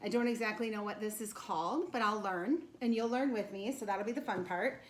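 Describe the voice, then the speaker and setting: A woman casually unboxing a craft kit for her channel, bubbly and excited as she shows each piece. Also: medium pitch, fairly quick. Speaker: craft vlogger. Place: home craft studio. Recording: echoey room, faint noise.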